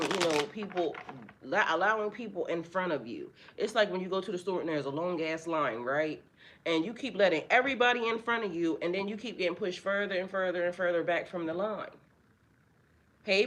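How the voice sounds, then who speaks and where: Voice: mid-range voice, a bit bright, a little hiss or hum. A spiritual tarot reader giving a casual live reading, chatty and profane, greeting viewers by name.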